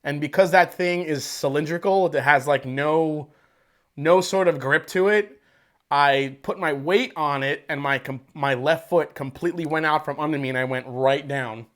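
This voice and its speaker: A man with a slightly high voice chats loosely through a casual livestream from home. He rambles as he thinks aloud and curses freely. His wireless mic sits close and picks up every aside. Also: moderate pace, fairly bright tone. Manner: loose, chatty, rambling, swears and laughs easily. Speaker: whiskey reviewer hosting a livestream. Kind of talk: casual livestream tasting chat. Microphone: wireless microphone with battery pack.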